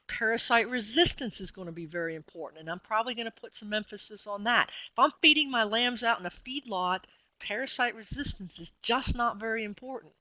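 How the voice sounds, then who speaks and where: Bright-voiced woman giving a webinar lecture. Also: mid-range voice, dry recording, poor audio. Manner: conversational teaching with frequent fillers and self-corrections. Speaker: extension specialist presenting a webinar.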